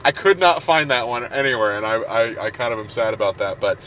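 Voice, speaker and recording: A male podcast co-host with a bright, forceful voice chats casually and cracks jokes with plenty of swearing. He delivers the show's wrap-up plugs in a loose, animated way. Faint background noise sits under his voice. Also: mid-range voice, fairly quick. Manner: joking, swears freely, animated.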